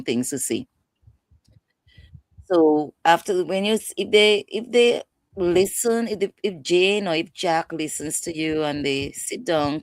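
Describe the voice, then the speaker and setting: Low-voiced woman explaining with passion. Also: no room sound. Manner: passionate, emphatic, acts out quotes. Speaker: guest expert on mental health. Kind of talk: instructive interview talk.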